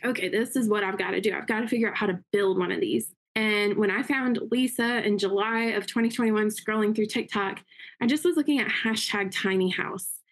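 Upbeat lady chatting in an interview, quick storyteller, acts out what people said. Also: medium pitch. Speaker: interview guest, realtor and investor. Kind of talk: casual interview talk.

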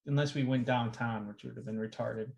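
A man's voice: mid-range voice, steady tone, fairly quick, vocal fry, a little mellow, muffled recording. A man co-hosting a podcast in casual, loose chat, swearing often and rambling with restarts. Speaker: podcast co-host.

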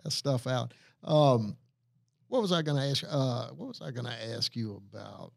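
A podcast host from Louisiana with a Southern accent and a gravelly, fry-edged voice at a middle pitch. He chats casually and tells stories with energy, acting out the other people's lines as he goes. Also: moderate pace. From Louisiana, USA. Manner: animated storyteller who acts out other people's lines.

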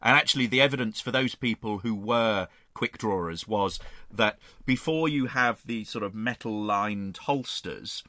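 A man's voice: lowish voice, a little slow, bright, forceful tone, no room sound, clean studio sound. A man guest explaining history in a rambling, enthusiastic conversational way.

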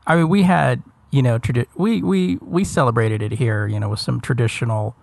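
A man co-hosts a casual podcast, needling his friend with deadpan asides and laughing along. His voice sits at a middle pitch, recorded on a dry, close mic. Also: moderate pace, creaky, dry recording. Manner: dry, teasing jokes, laughs often. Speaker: podcast co-host.

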